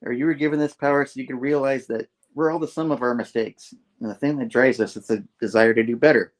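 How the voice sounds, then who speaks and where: A man's voice: medium pitch, steady tone, fast, close to an everyday voice. Spider-Man, a quippy young hero, as a man puts him on. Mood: earnest. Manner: joking, quipping. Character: young male wisecracking superhero.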